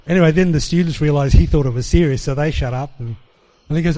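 A man preaching, telling a personal testimony as an animated storyteller who acts out the dialogue. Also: on the high side, fast.

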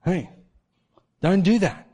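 Man, pastor, sermon, animated delivery, acts out quotes, swooping pitch. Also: takes it slowly, husky. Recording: long hall reverb.

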